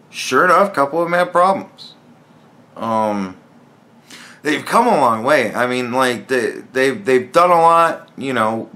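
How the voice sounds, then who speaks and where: Alone on a casual podcast, a male host talks bluntly and profanely in a medium-pitched, pushed, bright voice. His monologue rambles, with frequent restarts.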